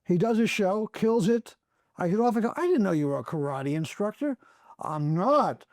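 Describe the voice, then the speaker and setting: Lively, high-voiced storytelling man. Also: normal speed, dry recording, studio quality. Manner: animated storyteller acting out other people's lines. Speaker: comedy club owner and guest. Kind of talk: anecdotal storytelling on a podcast.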